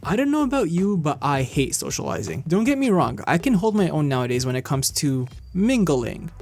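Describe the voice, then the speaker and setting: Playful young man with a higher voice. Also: sing-song, brisk, a little mellow, a little hiss or hum. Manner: self-deprecating, playful, slangy. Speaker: animated storytime narrator. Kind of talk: comedic storytelling.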